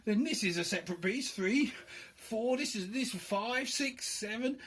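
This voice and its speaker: Here a man with a high, expressive, slightly bright voice speaks at a measured pace. Showing the homemade box he built for a board game, he chats loosely, thinks aloud and teases himself along the way.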